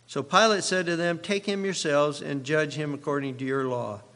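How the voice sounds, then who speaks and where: A man's voice: a little high, fairly even intonation, fairly bright tone. Man preaching in a reverberant hall. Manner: measured, dramatic reading with emphatic quotes. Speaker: pastor. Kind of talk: sermon with scripture reading. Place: church sanctuary. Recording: long reverb of a large hall.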